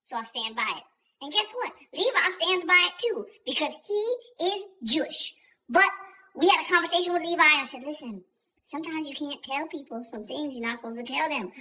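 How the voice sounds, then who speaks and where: A man's voice: extremely high pitch, sharp tone, exaggerated voice, poor audio. A man doing a profane, rambling comic vlog story in the voice of a foul-mouthed old grandma. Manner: profane, rambling, self-interrupting. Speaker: YouTuber.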